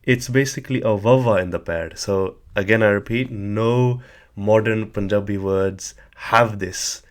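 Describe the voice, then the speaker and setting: A man with a lowish, unhurried voice leads a language lesson. He works through it patiently and methodically, hedging with "sort of" as he writes examples on the board.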